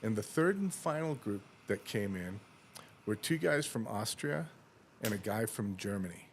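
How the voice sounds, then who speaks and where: A man's voice: lowish voice, lively intonation, moderate pace, a little hiss or hum. A man on a podcast telling a long anecdote in casual chat, acting out dialogue and laughing often. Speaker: podcast host.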